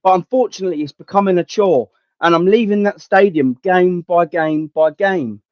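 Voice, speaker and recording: A man's voice: high voice, moderate pace, no echo. A young man hosts a livestream, ranting bluntly and swearing as he talks with his viewers. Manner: blunt, sweary, slangy and heated. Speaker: livestream host. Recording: dull, dry lo-fi stream audio.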